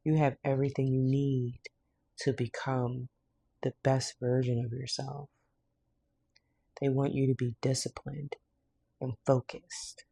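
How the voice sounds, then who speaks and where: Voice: mid-range voice, little pitch movement, a little slow, gravelly, long pauses, mellow, breathy edge, no echo. A tarot card reader in a casual reading, blunt and slangy, laughing now and then. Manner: laughs often.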